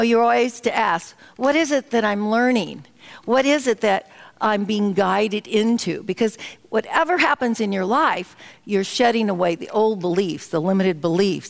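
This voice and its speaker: A woman's voice: medium pitch, normal speed, gravelly. A woman minister giving a sermon in a community center hall, leading the congregation through a guided meditation and spoken affirmations. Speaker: guest minister.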